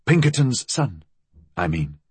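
A man voicing an aging, controlled gentleman who speaks softly with quiet intensity. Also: medium pitch, very animated, breathy edge, no echo, full character voice. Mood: quietly intense. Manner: soft, intense, measured.

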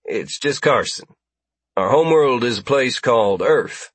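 A man's voice: mid-range voice, expressive, measured pace, husky, no echo. A man doing a blunt female officer. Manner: blunt and direct. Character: brisk, no-nonsense female warrant officer.

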